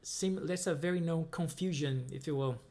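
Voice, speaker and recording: A man with a voice on the high side, speaking at normal speed, gives a casual music lesson, counting beats aloud between guitar examples. The guitar playing comes through loudly.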